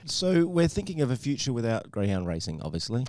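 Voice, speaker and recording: A woman's voice: very deep voice, sing-song, brisk, a little mellow, dry recording. A woman, hosting a podcast and chatting playfully with children, laughing often. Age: 40s. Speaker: podcast host. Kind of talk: casual chat with children.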